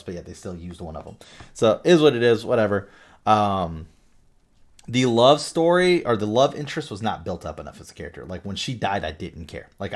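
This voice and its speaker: Reviewing a movie off the cuff, a man speaks in a fairly low voice. It's a casual, spoken review in which he wanders, cusses easily and fills gaps with filler words.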